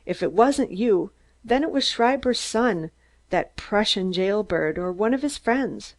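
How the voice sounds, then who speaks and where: A woman's voice: medium pitch, lively intonation, unhurried. A woman voicing a cold, firm male lawyer. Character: cold, determined male lawyer turned detective.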